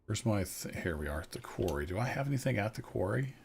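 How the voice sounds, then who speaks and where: Low-voiced male game streamer with an easygoing, chatty manner who talks viewers through his play. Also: sing-song, fast talker, vocal fry, a little hiss or hum. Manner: easygoing, self-deprecating, thinks aloud to viewers. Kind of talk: casual live gameplay commentary.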